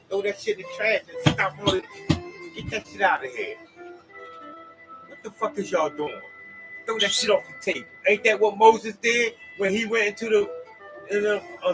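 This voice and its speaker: A man's voice: high-pitched, animated, normal speed, fairly bright tone, faint music behind, poor audio. A man hosting a rambling, preachy monologue, swearing and talking to his listeners as y'all. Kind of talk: casual spoken monologue.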